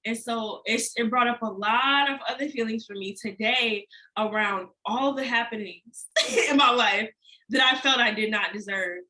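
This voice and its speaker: Bright emotional young woman on camera. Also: a little high, moderate pace, poor audio. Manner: candid, emotional, laughs often mid-sentence. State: holding back tears. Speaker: life and healing coach. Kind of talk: personal vlog monologue.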